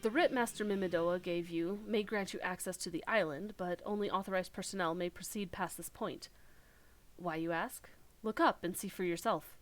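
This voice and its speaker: A woman voicing a dutiful male lighthouse overseer from a game in a put-on western English countryside accent, reading the lines in a measured, formal way. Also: on the low side, lightly acted. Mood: earnest. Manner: measured, formal storybook delivery. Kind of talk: reading game dialogue aloud.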